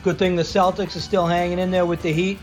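A man's voice: high-pitched, little pitch movement, fast, faint music behind, close to an everyday voice. A man putting on a brash Boston sports-fan guy. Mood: boastful. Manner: rambling, folksy, boastful about hometown teams. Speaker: radio show host. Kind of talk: comic character bit on a radio show.

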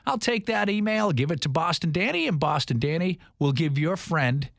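A man's voice: fairly high pitch, expressive, moderate pace, creaky, fairly bright tone, no room sound, studio quality. A man in his fifties hosting a talk show, rambling and earnest with many restarts. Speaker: radio show host.

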